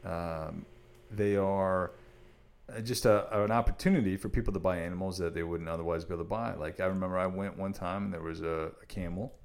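A man's voice: sits low, steady tone, brisk, gravelly, darkish tone. A man hosting a podcast, asking curious questions in a chatty way full of fillers. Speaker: podcast host. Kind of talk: casual interview chat.

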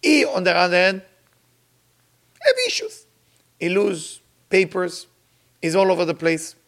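Older spiritual teacher, high-voiced, emphatic and repetitive, loose grammar. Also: male voice, big pitch swings, a little slow, fairly bright tone. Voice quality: non-native grammar. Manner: emphatic, repeats phrases, rises to sudden high exclamations. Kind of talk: sermon to followers.

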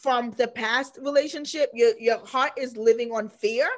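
A woman's voice: fairly high pitch, fairly even intonation, moderate pace. A woman giving a casual psychic reading, speaking with assurance and emphatically repeating her points. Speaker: psychic reader.

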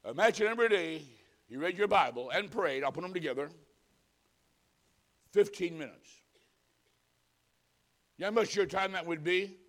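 A man preaching a sermon, telling folksy stories and swinging from loud punchlines to hushed pleading. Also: high-pitched, expressive, moderate pace, pauses often. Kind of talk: humorous sermon.

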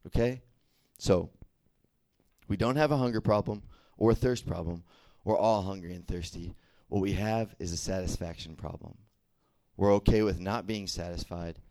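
A young man preaching a casual sermon as a youth pastor, chatty and animated, full of fillers and quick check-ins with the room. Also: sits low, no room sound.

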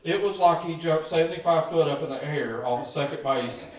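Pastor preaching in an echoey hall. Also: male voice, fairly high pitch, a little fast. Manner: folksy storytelling with emphatic calls to the congregation. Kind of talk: sermon. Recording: echoey church hall, distant mic.

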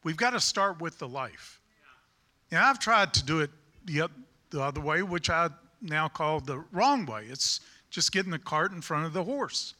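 A man's voice: on the high side, expressive, moderate pace, pushed and bright. A man with a Southern US accent preaching a sermon in a folksy, rambling way, with self-deprecating humor.

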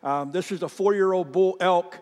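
A man with a high, light voice delivers a sermon, telling stories with lively energy and speaking directly to the congregation. His words ring out with a long reverb, as if recorded live in a large hall. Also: normal speed, faint music behind. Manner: animated storytelling, talks straight to the congregation. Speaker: pastor.

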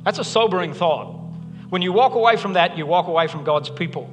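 Pastor guy preaching, high bright voice, big hall echo, soft music under. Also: fairly quick. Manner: conversational, joking asides, earnest. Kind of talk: sermon. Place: church hall. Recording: long hall reverb, faint music.

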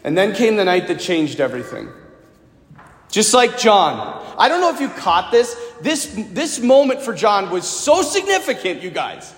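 A man's voice: sits high, big pitch swings, normal speed. A male priest preaching a sermon, sharing a personal story and asking the congregation direct questions. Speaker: Catholic priest. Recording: echoey hall with long reverb.

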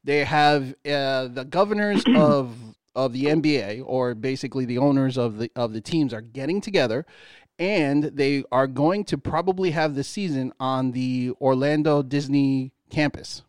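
A man's voice: mid-range voice, moderate pace, dry recording. A man co-hosting a casual podcast, playful and hyped, calling out to the others and steering the talk. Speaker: podcast co-host. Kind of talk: casual chat.

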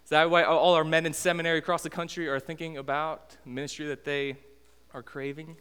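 A man in his thirties preaching a sermon as pastor, conversational and animated as he tells the story. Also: fairly high pitch, brisk, clear, resonant tone, big-room sound.

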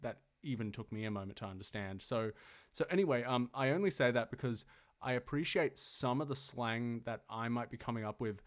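A man's voice: medium pitch, a little fast. An Australian man co-hosting a podcast in casual chat, rambling with many fillers and the odd swear. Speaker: podcast co-host.

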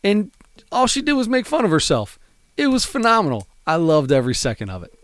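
Animated man with a dry close sound. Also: high voice, brisk, no room sound. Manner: animated, laughing, emphatic storyteller. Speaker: podcast co-host. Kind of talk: casual chat reviewing comedy specials.

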